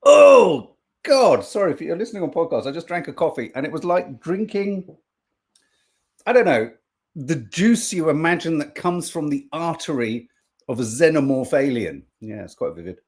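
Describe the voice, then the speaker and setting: Man, podcast host, casual chat, lively pitch, slightly high voice, jokey, swears. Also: moderate pace. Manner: jokey, animated, swears freely. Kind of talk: casual live-stream chat, reading viewer comments.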